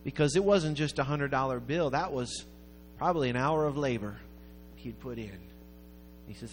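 A man preaching a sermon, telling a story in a rambling way that builds to loud, emphatic peaks. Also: medium pitch, normal speed, slight background noise. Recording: long hall reverb with faint music.

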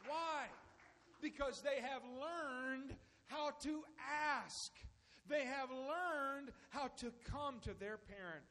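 A man's voice: very high-pitched, slow pace, bright, forceful tone. Preaching man in a reverberant hall. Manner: preaching with rising, emphatic bursts and acted-out dialogue. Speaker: pastor. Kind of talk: sermon.

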